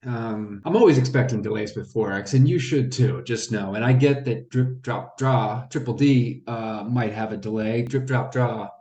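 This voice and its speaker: A man's voice: mid-range voice, normal speed, few pauses, dark tone, reverberant. A man chatting casually to camera as a crypto vlogger, loose and joking as he talks.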